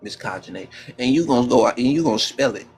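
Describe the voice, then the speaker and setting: A man doing casual, heated debate banter on a panel, talking loud and joking with lots of trash talk and laughter. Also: medium pitch, expressive, quick pace, slight background noise.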